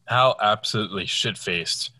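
Low, bright, dry-sounding young dude, buzzed and cussing on a podcast. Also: male voice, moderate pace, no room sound. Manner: rambling, profane, mock-outraged. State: tipsy. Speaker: podcast co-host. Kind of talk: casual drunk podcast banter.

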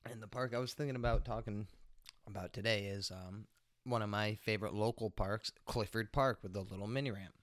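A man's voice: on the low side, fairly quick, fairly bright tone, no room sound. A man hosting a homemade podcast, telling a casual story in a rambling way, full of fillers and swearing. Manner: rambling, heavy swearing, lots of filler words. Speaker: podcast host.

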